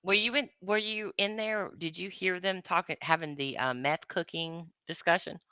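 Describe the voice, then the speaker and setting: Giggly woman cohost, bright bouncy voice, dry close sound. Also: fairly low pitch, normal speed, no echo, muffled recording. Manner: playful, giggly, asks questions. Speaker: co-host. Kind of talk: casual commentary chat.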